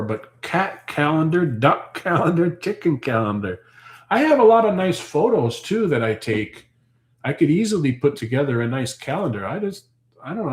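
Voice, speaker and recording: A man's voice: on the high side, echoey room. A man hosting his homestead channel, chatting casually and answering viewers' comments in a rambling, thinking-aloud way.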